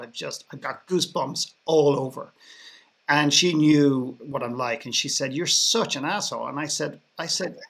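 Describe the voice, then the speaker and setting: An Irish podcast guest with a mid-range, slightly bright voice and vocal fry tells a story during a panel conversation. His delivery is sarcastic, and he often restarts what he's saying.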